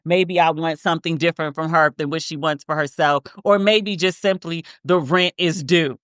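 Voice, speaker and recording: A woman's voice: low voice, steady tone, normal speed, dry recording, studio quality. A woman in her thirties co-hosting a podcast in casual chat, telling a story with lots of restarts and tangents. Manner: rambling, self-interrupting storyteller with frequent restarts. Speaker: podcast co-host.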